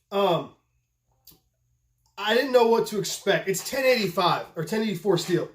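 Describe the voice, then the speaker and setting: A man talking casually and profanely about knife tests, stammering often and sounding a little tipsy from shots. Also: fairly high pitch. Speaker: knife tester and maker. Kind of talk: casual vlog talk. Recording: echoey room.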